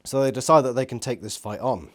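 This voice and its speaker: A man's voice: medium pitch, fast talker. A man giving an exasperated, sweary, sarcastic book review rant. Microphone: phone nearby.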